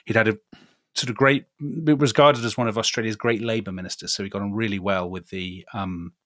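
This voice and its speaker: A man's voice: fairly low pitch, fairly even intonation, fast talker, fairly bright tone, no echo. Man from britain, podcast co-host, wry storyteller, dry close mic. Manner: wry, chatty storyteller with asides. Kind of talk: conversational history podcast.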